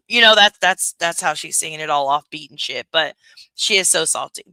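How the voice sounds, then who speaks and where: Blunt, bright-voiced woman commentator. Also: sits low, brisk, dry recording. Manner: blunt, profane, laughing, animated. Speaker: commentary channel host. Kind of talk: casual reaction commentary.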